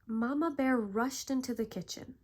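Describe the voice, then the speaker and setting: A woman narrating a bedtime story in a calm, gentle way. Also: fairly high pitch, moderate pace.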